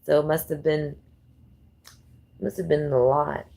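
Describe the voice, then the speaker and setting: A woman hosting a casual vlog, rambling and thinking out loud as she fumbles through numbers. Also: low-pitched, fairly even intonation, a little slow, vocal fry. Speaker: channel host.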